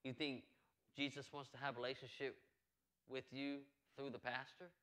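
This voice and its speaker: A man's voice: medium pitch, level tone, normal speed, pushed and bright, clean tone. A male pastor preaching a sermon in an earnest, conversational way, repeating phrases and adding asides.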